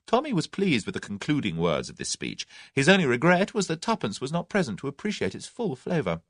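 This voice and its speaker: Expressive male audiobook narrator. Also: medium pitch, brisk, hardly any pauses, dry recording, clean studio sound. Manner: expressive storytelling. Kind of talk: scripted narration.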